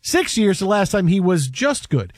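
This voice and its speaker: A man hosting a casual sports chat, animated and rambling with restarts. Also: sits high, normal speed, dry recording, studio quality. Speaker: sports podcast host.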